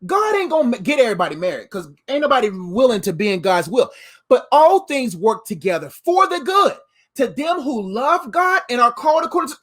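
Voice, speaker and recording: Animated slangy male life coach. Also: very high-pitched, fairly quick. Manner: animated and playful, slangy asides. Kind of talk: motivational faith talk.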